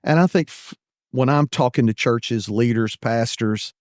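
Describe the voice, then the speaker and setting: A man of middle pitch talks earnestly as a podcast host, driving points home by repeating them. His delivery is conversational. The recording is dry and close. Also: unhurried, darkish tone, no echo. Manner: earnest, repeats phrases for emphasis. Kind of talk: casual conversation.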